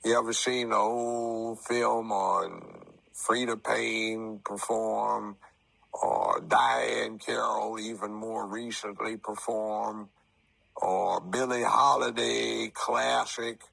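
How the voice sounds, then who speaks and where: A man in his seventies, a retired TV judge, telling stories and giving his views slowly and deliberately, with some formal word choices. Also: lowish voice, flat delivery, vocal fry, fairly bright tone, dry recording, low-quality recording. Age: 70s. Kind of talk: interview talk.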